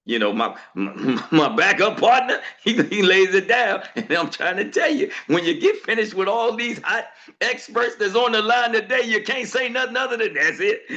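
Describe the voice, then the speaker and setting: A man with a high, bright, forceful voice hosts a group coaching call in casual, folksy chat. He laughs often and keeps things lively. The call audio sounds dull and lo-fi. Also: moderate pace.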